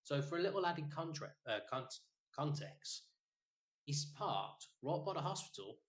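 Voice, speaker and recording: A podcast co-host tells a rambling, sweary story in casual conversation, his retelling animated. His voice runs on the high side, and he speaks in an unhurried way.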